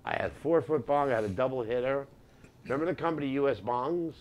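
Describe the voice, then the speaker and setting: A middle-aged man, a comedian guest in a studio, telling animated anecdotes with quick asides. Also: medium pitch. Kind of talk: casual interview storytelling.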